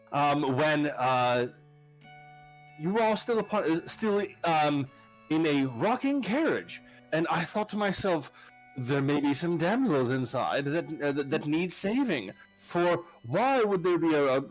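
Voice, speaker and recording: A man's voice: fairly high pitch, poor audio. A man playing a bumbling archduke who rambles with constant ums and restarts in an improvised tall tale. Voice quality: halting, full of ums and restarts.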